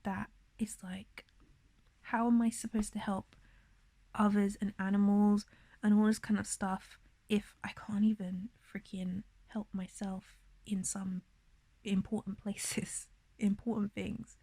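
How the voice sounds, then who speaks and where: A woman in a casual confessional vlog, lying in bed, talking softly and often half-whispering, rambling with many fillers, upset and in pain. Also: medium pitch, little pitch movement, takes it slowly, husky, no room sound. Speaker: vlogger. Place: in bed, indoors.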